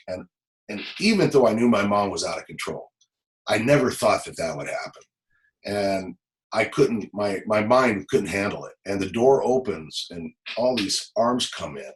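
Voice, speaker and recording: Brief: middle-aged ex-cop from Los Angeles, lowish voice, emotional, stumbling storytelling. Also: male voice, animated, poor audio. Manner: halting, repeats words, emotional. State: close to tears. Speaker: former police officer. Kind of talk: personal storytelling in an interview.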